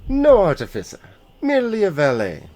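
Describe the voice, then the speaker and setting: A man's voice: sits high, wildly swooping pitch, moderate pace, darkish tone, pitched above the performer's own voice, heavily acted. A man voicing a polite male valet speaking in a story game, close to his own voice.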